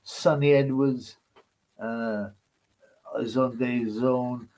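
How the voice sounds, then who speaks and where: A man's voice: medium pitch, fairly even intonation, very slow, darkish tone, low-quality recording. A man hosting a live stream, ranting in a crude, mocking, rambling way. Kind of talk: casual live-stream rant.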